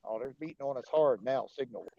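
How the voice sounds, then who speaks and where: A man's voice: medium pitch, creaky, a little mellow, no room sound. A man ranting angrily on a livestream, cursing often and arguing with his chat. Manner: profane, angry, argumentative. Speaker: livestream host. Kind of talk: heated livestream rant. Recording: dull, dry lo-fi stream audio.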